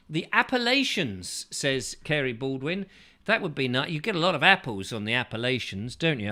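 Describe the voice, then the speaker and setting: Lively, bright-voiced man. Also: medium pitch. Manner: playful, rambling, pops into silly character voices. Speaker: host. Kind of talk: casual chat reading viewer comments.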